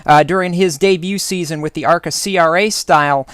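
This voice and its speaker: Male radio co-host, fairly high, clear voice, eager talk-show delivery. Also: steady tone, a little fast, fairly bright tone, no echo. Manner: eager, enthusiastic.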